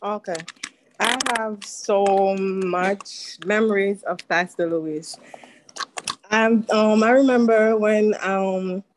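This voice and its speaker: A woman giving a halting, heartfelt spoken tribute at a church service. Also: mid-range voice, fairly even intonation, background noise. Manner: halting, heartfelt, with many restarts. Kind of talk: emotional spoken remembrance.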